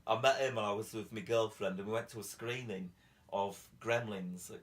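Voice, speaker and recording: A man's voice: on the low side, fairly even intonation, normal speed. A man, hosting a jokey bedroom chat, cheeky and prone to sudden squealing impressions. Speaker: comedian host. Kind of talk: comic chat in bed.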